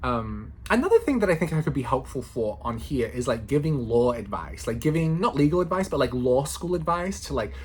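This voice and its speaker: A man's voice: medium pitch, sing-song, fairly quick, few pauses, a little hiss or hum. A man in his thirties, a law student, chatting casually to camera in a playful, slangy way, often breaking into laughter. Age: 30s.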